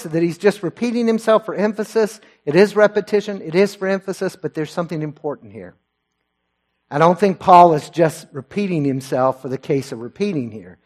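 A man preaching a sermon to his congregation, rising loud and high when he quotes scripture and dropping low and quiet for personal asides. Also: lively intonation, moderate pace. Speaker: pastor.

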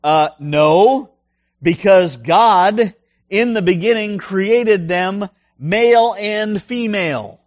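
A man's voice: high voice, slow pace, dry recording, studio quality. Emphatic man preaching a sermon. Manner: emphatic, rhetorical questions, punchy asides. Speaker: pastor.

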